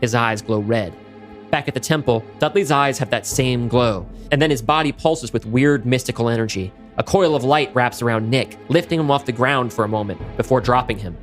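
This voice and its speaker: A man's voice: mid-range voice, normal speed, faint music behind. Man narrating a monster story. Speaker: podcast co-host. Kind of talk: script table read narration.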